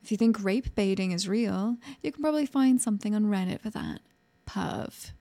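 A woman voicing a sharp-tongued young woman in an adult audio role-play, sarcastic at first, later stammering and pleading. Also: medium pitch, moderate pace, creaky, natural voice. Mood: mocking, defiant.

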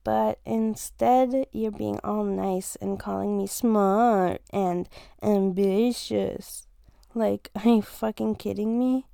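A woman's voice: mid-range voice, fairly even intonation, slow, creaky, mellow, clean tone, no echo. A young woman in a casual romantic role-play, teasing and playful, laughing often and swearing easily as she talks to her partner. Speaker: fiancée in a listener role-play.

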